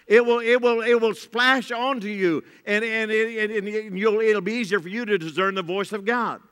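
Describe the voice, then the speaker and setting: A man's voice: sits high, steady tone, moderate pace, a bit bright, smooth. A man pastor delivering a sermon, preaching emphatically to the congregation and repeating phrases for effect. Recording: long reverb of a large hall.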